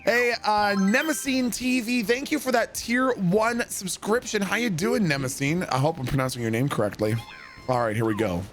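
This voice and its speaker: High-voiced joking male streamer. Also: moderate pace, a bit bright, soft background music. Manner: joking, profane, teasing banter; reads viewer messages aloud. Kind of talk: casual gaming livestream chat.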